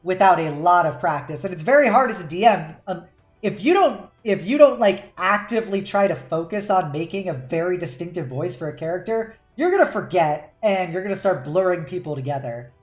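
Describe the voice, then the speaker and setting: A woman's voice: on the low side, expressive, a little fast, reverberant, soft background music. A woman hosting a casual roundtable as game master, chatty and laughing often.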